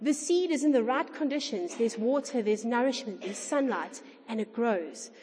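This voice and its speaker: A woman's voice: fairly high pitch, lively intonation, normal speed, warm tone, in a large hall. A woman in her thirties preaching a sermon to her congregation in a chatty way, with rhetorical questions. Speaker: pastor.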